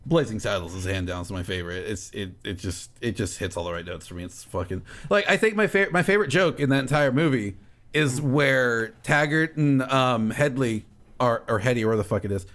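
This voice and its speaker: A man co-hosting a casual podcast, talking loosely and swearing freely. He rambles and restarts, often letting his voice drop away quietly at the end of a thought. His voice sits at an ordinary middle pitch, heard close on a headset mic. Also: fairly quick. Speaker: podcast co-host. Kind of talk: casual chat.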